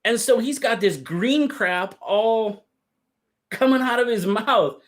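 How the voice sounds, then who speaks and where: A man hosting a livestream, telling stories in a casual, drawn-out way and reading out chat. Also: sits high, animated. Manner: drawn-out, easygoing storytelling with quoted voices. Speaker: livestream host. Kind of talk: casual storytelling to live chat.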